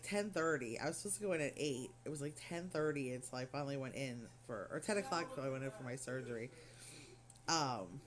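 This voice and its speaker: A middle-aged woman craft vlogger telling a story in casual, rambling chat full of fillers and asides. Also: low voice.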